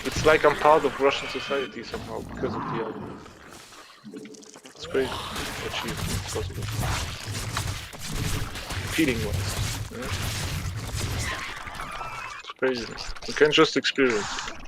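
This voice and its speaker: A man's voice: medium pitch, unhurried, vocal fry, long pauses. Rambling man, clicky noisy mic. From Germany. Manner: rambling, loose and talkative, swears casually. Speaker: streamer. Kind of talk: casual chat while streaming a game.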